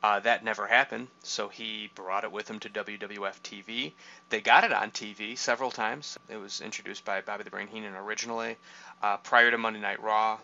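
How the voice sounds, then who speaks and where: A man's voice: lowish voice, fairly even intonation, a little fast, gravelly, bright, forceful tone, highs cut off. A man hosting a casual chat, explaining things at length in a knowledgeable way with many fillers. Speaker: podcast host.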